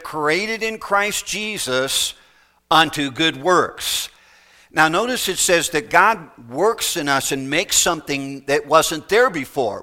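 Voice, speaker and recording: Bright-voiced male preacher. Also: on the high side, animated. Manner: folksy illustrations, emphatic pauses. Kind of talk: sermon.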